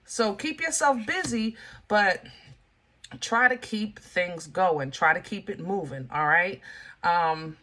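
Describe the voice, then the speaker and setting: A woman's voice: medium pitch, sharp tone. A woman from Pennsylvania giving a casual tarot reading, blunt and emphatic, with frank, folksy speech aimed straight at the viewer. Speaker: tarot reader.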